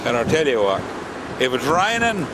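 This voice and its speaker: A man's voice: mid-range voice, very animated, moderate pace. An Australian man chatting casually as he films a travel vlog outdoors on a rainy, windy beach, rambling and calling his friend mate. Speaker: travel vlogger. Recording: wind and surf noise outdoors.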